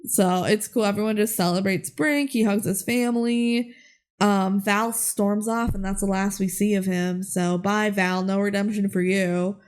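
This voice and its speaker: A woman's voice: mid-range voice, unhurried, clean tone. A young adult woman co-hosting a podcast who recaps a movie casually and retells the scenes with lots of animation. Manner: animated storyteller, retells scenes with quoted voices. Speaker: podcast co-host.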